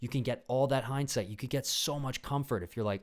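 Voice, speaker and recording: A man's voice: medium pitch, brisk. A young man hosting a podcast in a casual, rambling, profane chat. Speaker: podcast host.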